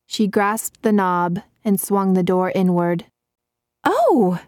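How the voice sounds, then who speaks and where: A woman narrating a story aloud in a measured, clear style. Her voice sits on the low side and is recorded close and dry, with no room sound. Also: flat delivery, a little mellow, no echo. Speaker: audiobook narrator. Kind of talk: scripted narration.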